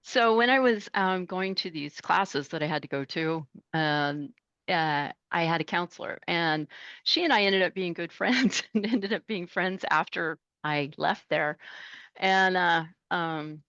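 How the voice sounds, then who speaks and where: A woman in her fifties, a truck driver, telling stories in a casual interview, animated and laughing as she acts out voices. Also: lowish voice, unhurried, dry recording, muffled recording.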